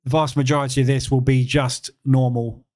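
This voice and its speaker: A trading educator hosts a live session of market commentary, speaking in a relaxed, conversational way at an ordinary mid pitch. He answers questions from the chat, repeats words for emphasis, and fills pauses with frequent ums and uhs.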